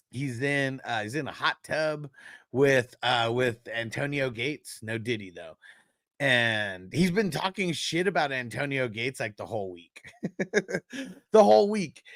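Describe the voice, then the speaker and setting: A man chatting casually on a fantasy football live stream, his voice sitting at an ordinary middle pitch. He laughs often and swears freely, animated and loose. The sound is dry, with almost no room in it. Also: dry recording.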